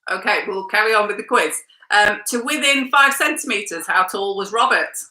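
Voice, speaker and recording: A woman hosting a family quiz, reading out questions, answers and scores at a brisk pace. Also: mid-range voice, pushed and bright. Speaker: quiz host. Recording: echoey room.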